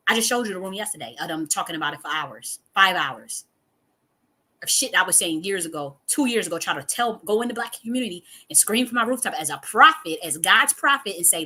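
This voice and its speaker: A woman's voice: lowish voice, expressive, a little fast, bright, forceful tone, slightly rough. A woman, giving a heated, profane monologue full of repetition and sudden outbursts. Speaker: spiritual teacher and channel host. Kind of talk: impassioned monologue.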